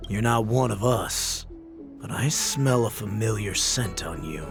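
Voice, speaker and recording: An actor playing a dismissive off-duty male pilot in a game, with a gravelly voice and slow delivery. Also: lowish voice, expressive, heavily acted. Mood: gruff. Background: game music.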